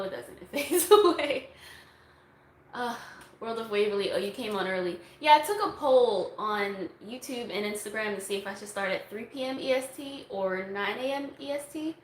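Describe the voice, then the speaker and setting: A woman's voice: medium pitch, animated, fairly quick. Young woman streamer, loose chatty delivery, phone on a tripod, roomy echo. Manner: chatty and rambling, many fillers. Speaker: YouTube streamer answering viewer questions. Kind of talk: casual livestream Q&A. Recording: echoey room, faint noise.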